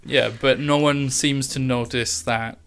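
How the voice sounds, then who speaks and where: A man's voice: mid-range voice, unhurried, slight background noise. Chatty male dungeon master. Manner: relaxed, chatty, with many fillers and laughs. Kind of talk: narrating a tabletop game.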